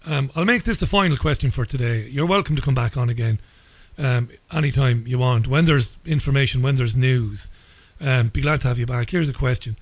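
A man hosting a radio interview, speaking in a measured, hesitant way with frequent stammers. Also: medium pitch, no echo. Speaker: radio show host.

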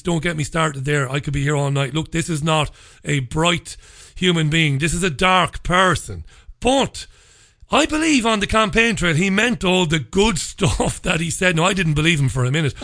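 A man's voice: fairly high pitch, normal speed, gravelly, sharp tone. Earnest rambling male podcast host. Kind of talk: podcast conversation.

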